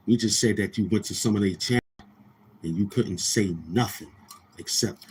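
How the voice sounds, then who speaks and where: A man's voice: fairly low pitch, normal speed, darkish tone, slight background noise. A man hosting a livestream, ranting loosely with restarts and mocking quoted voices. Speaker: livestream host. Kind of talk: casual livestream rant.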